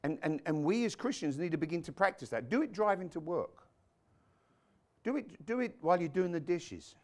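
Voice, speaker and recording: A man's voice: on the high side, lively intonation, moderate pace, creaky, a little mellow. A man preaching a sermon to his congregation, quoting scripture, dropping muttered asides and joking with the people in front of him. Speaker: pastor.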